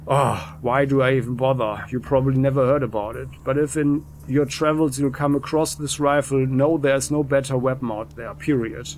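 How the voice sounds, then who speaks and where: A man's voice: mid-range voice, steady tone, moderate pace, few pauses, a little mellow, a little hiss or hum, close to an everyday voice. Man reading out video game ex-soldier, boastful, plain delivery. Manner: reads game dialogue aloud plainly.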